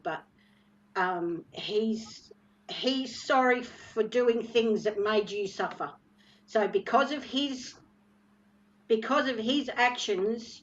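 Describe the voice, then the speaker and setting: Woman giving an emotional psychic reading. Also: mid-range voice. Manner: halting, emotional, many fillers. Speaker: psychic reader. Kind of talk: live stream psychic reading. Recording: muffled lo-fi stream audio.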